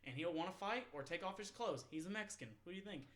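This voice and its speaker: Twenties male podcast host, slightly high-pitched, loose and profane, rambles through stories with frequent laughter. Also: fast, a loud crowd. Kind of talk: casual storytelling chat.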